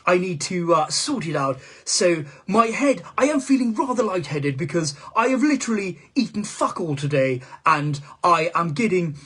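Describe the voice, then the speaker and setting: A man's voice: high-pitched, lively intonation, moderate pace, hardly any pauses, pushed and bright, slightly rough, full character voice. A male comedian doing a comic impression of a rambling, foul-mouthed male politician in a live-stream monologue, stammering and swearing as he goes.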